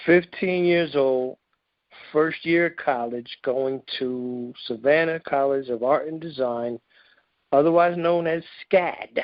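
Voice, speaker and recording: Speaking slowly in a high-pitched voice, a man hosts a casual interview, joking and teasing with plenty of slang in his loose delivery. The recording is dry and a bit dull, like a lo-fi call, with no room sound.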